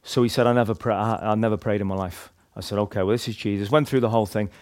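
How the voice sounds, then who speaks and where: A man's voice: lowish voice, steady tone, fast talker, a little mellow, a little hiss or hum. A man with a Northern Irish accent tells a personal faith story to a group in a chatty, rambling way, full of restarts and "like". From Northern Ireland. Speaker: speaker sharing a testimony.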